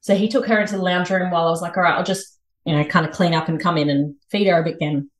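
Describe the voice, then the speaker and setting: A woman in her thirties with an Australian accent, a podcast guest telling a story in a lively, chatty way and laughing often. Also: on the low side, rapid-fire. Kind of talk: casual storytelling interview.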